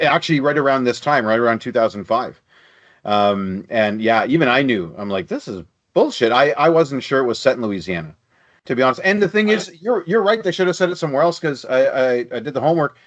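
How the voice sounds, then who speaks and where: A man's voice: mid-range voice, lively intonation, brisk, dull audio. A man co-hosting a movie podcast, rambling in casual chat with asides and swearing. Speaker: podcast co-host.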